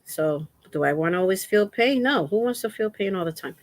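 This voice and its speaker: A woman's voice: mid-range voice, lively intonation, fairly quick, no room sound. A woman hosting a casual crochet livestream, chatting in a rambling, faith-filled way with her viewers while resting a sore foot.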